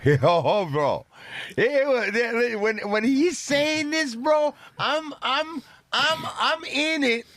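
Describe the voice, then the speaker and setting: Male podcast host, excited, animated, dry sound. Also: extremely high pitch, slow, hardly any pauses, dry recording. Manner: excited, interjecting. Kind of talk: casual chat.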